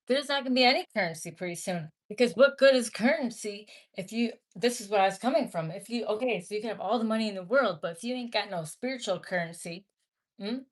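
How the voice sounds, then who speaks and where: Blunt woman chatting on a livestream. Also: medium pitch. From American Midwest. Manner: blunt, swears, reads chat comments aloud. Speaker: livestream host. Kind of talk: casual livestream chat.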